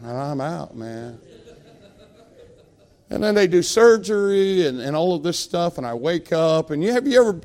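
A middle-aged male preacher telling a funny story in a sermon, animated, acting out the voices of the people in it and laughing at his own tale. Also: high voice, brisk, few pauses.

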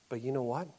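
A man preaching a sermon as pastor, moving between loud emphatic lines and quiet, slowed-down ones. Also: mid-range voice, slightly rough.

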